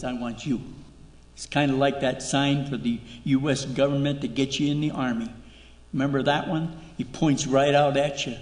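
A man preaching a sermon as pastor, emphatic, repeating key words and asking rhetorical questions. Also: a little high. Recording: echoey hall reverb.

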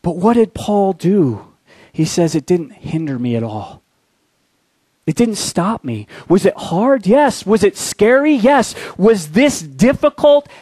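A male pastor preaching a sermon, telling a war story with dramatic shifts into a quiet, low voice. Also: no room sound.

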